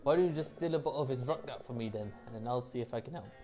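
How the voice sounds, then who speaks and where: Gruff pirate frog captain in a mock Scottish accent, deep and blustering, as a woman puts him on. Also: rapid-fire, mellow, soft background music. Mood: bargaining.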